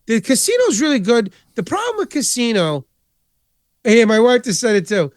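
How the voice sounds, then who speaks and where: High-pitched guy ranting about movies, swears a lot, dry close sound. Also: moderate pace, no echo. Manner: profane, rambling, animated. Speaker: podcast host. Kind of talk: casual chat.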